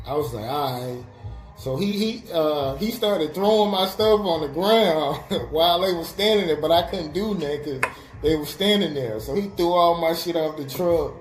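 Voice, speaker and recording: Rambling sounding man telling a story. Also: on the high side. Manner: rambling, full of fillers and acted-out quotes. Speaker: web radio host. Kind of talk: casual storytelling. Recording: roomy with faint music behind.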